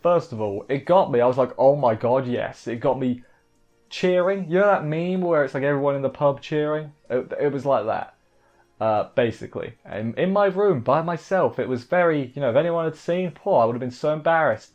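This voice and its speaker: Male anime reviewer, excitable and exasperated, mid-pitched, cuts himself off constantly, dull lo-fi mic. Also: moderate pace, faint music behind. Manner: excitable, exasperated, self-interrupting. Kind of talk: casual episode recap review.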